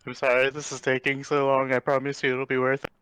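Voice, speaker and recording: Male tabletop player, bright forceful voice, dry close sound, giggly and sheepish. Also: mid-range voice, monotone, quick pace, smooth, no room sound. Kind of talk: casual tabletop play.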